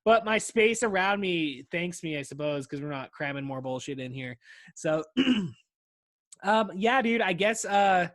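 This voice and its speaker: High-voiced rambling podcast host man. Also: expressive, unhurried, fairly bright tone, no room sound. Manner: rambling, swears often, says "dude" constantly. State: voice wearing out. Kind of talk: casual solo podcast chat.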